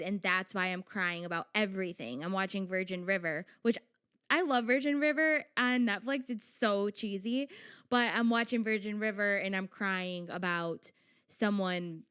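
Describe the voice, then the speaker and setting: A young adult woman hosting her own podcast, talking in a chatty, animated way with lots of fillers and quoted inner voices. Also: mid-range voice, clean tone. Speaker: podcast host. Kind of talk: casual solo podcast talk.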